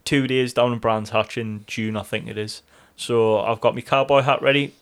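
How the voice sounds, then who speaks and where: A man's voice: mid-range voice, fairly even intonation, normal speed, clear, resonant tone. A man co-hosting a podcast, chatting in rambling, sweary banter and laughing often. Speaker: podcast co-host. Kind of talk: casual chat.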